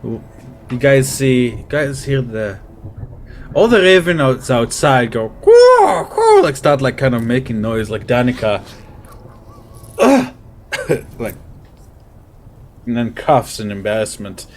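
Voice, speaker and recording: A man's voice: medium pitch, a little slow. A man serving as game master, describing scenes in a loose, rambling way full of filler words. A faint hum of room ambience sits behind his voice. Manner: loose, filler-heavy narration. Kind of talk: narrating a tabletop game.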